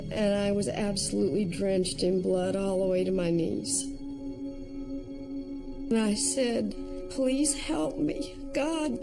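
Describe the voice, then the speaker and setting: A woman giving documentary testimony, retelling a frightening survival story in a measured way. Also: medium pitch. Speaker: survivor telling her story.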